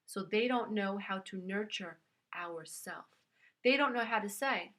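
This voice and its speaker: In a measured pace and mid-range, fairly bright voice, a woman with a New York accent delivers a motivational talk. She's a self-help speaker, earnest and emphatic, addressing the listener directly as "dear one."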